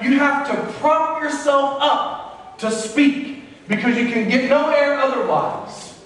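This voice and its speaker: Man, pastor, very high voice, sermon with scripture readings, far from the mic, long church reverb. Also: slight background noise. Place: church sanctuary. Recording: echoey church hall from far off.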